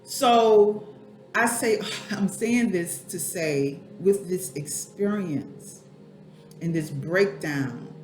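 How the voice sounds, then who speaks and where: A woman's voice: on the low side, extremely slow, a little mellow, reverberant, faint music behind. A middle-aged woman talking candidly and at length about her struggles in a personal vlog, her eyes watering as she speaks from home at her computer. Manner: candid, rambling, talks to herself by name. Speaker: spiritual life coach and vlogger.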